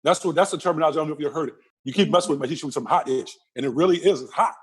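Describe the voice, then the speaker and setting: A husky, slightly high-voiced middle-aged man talks at a rapid clip as an interview guest. He tells his stories vividly, repeating phrases for emphasis and acting out the people in them. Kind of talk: animated storytelling in a casual interview.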